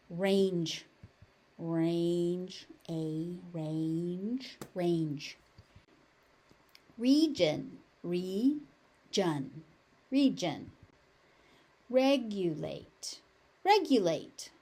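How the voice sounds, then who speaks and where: An American woman teaching pronunciation, repeating each word slowly and carefully. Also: lowish voice, animated, warm tone. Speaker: pronunciation tutor. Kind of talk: slow pronunciation lesson.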